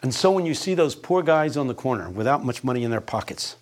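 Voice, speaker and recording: A man's voice: mid-range voice, lively intonation, fast talker. An older man preaching a sermon, emphatic and folksy, telling stories with wry asides.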